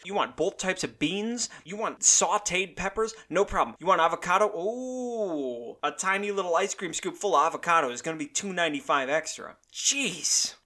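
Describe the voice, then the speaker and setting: A man's voice: fairly high pitch, bright, forceful tone. A man hosting a comedic show, ranting in exasperation with his voice leaping up in disbelief, then chatting casually with his co-host. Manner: exasperated grumbling, voice jumping up in disbelief. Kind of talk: comedic rant and casual chat.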